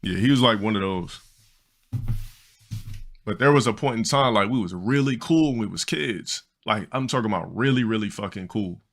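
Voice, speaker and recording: A man's voice: lowish voice, expressive, normal speed, faint music behind. A man in his forties, a streamer telling a crude story in a blunt, rambling, casual way. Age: 40s.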